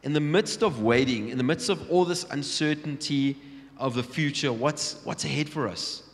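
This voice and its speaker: A man preaching a sermon, telling Bible stories with lively acted-out scenes and frequent restarts. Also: medium pitch, normal speed. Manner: storytelling, acting out Bible scenes, many restarts. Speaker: pastor. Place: large church hall. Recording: long church hall reverb.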